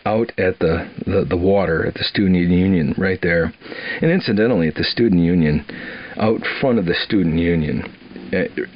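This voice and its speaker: A man's voice: low-pitched, muffled recording. An older man from Wisconsin telling his life story casually, rambling and repeating words with frequent chuckles.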